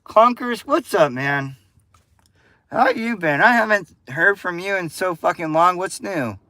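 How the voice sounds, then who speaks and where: A man's voice: sits high, animated, a little slow, bright, forceful tone, no room sound. A man live-streaming, talking casually with his viewers in a profane, combative rant. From United States. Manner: profane, combative ranting at chat. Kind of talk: casual livestream chat with viewers.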